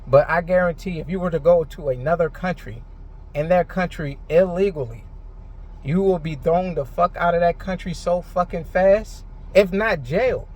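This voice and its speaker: A man's voice: high voice, normal speed, a little mellow. Frustrated, rambling man. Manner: rambling, heated, frequent filler words and swearing. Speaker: vlogger. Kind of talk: unscripted monologue to camera.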